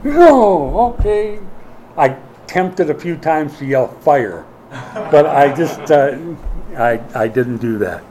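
A middle-aged male pastor preaching a sermon, moving between quiet explanation and emphatic declarations, with folksy asides to the congregation. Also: medium pitch, takes it slowly, low-quality recording.

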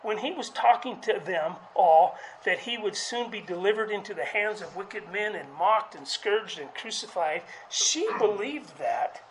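A preacher delivers a conversational sermon in an animated voice, though the recording is rough with a little hiss or hum. His delivery is halting with frequent word restarts, and he acts out quoted speech by raising his pitch.

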